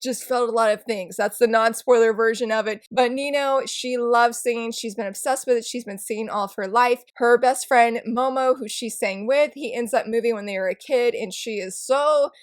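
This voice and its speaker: A young woman with a congested, stuffy voice, chatting with bubbly excitement as she reviews manga for her channel. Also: fairly high pitch, normal speed, few pauses, no echo, studio quality. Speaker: book and manga vlogger. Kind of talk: casual enthusiastic review chat.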